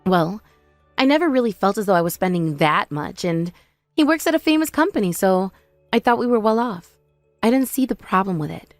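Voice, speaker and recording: A woman's voice: medium pitch, big pitch swings, brisk, no room sound, faint music behind. A woman voicing a desperate, remorseful young wife who begs for forgiveness in a scripted drama. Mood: defensive. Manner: pleading, apologetic.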